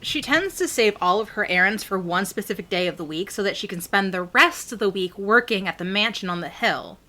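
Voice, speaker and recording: A woman dungeon master hosts a tabletop game with a playful, quick delivery. Her voice is bright and sparkling, and her pitch swings widely as she sets scenes. She sounds relaxed and teasing with her player.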